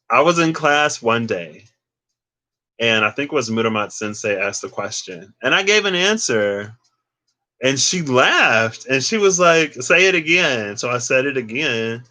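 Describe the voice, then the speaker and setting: A man's voice: mid-range voice, sharp tone. A young man reading tarot casually for a vlog, rambling and digressing with plenty of fillers. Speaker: tarot reader.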